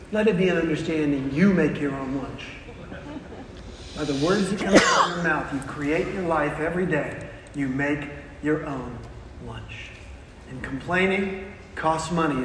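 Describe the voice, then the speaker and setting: A man giving a motivational keynote talk to a live audience, telling stories with punchy pauses and quizzing the crowd. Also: fairly high pitch, fairly bright tone, recorded from a distance, a little hiss or hum. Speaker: motivational speaker. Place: large hall with an audience. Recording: echoey hall, long reverb, faint ambience.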